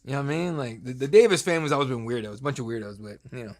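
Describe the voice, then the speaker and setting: A rapid-fire, mid-range male voice carries this casual live-stream commentary. He's a man in his thirties hosting a draft stream from his home setup on a desk mic, chatting loosely with viewers and throwing around crude, profane jokes.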